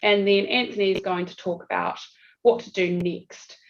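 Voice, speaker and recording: A woman's voice: mid-range voice, fairly even intonation, moderate pace. A woman with a New Zealand accent presenting a legal webinar in a chatty, self-deprecating way with frequent fillers, over a video call. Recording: dull lo-fi video call audio.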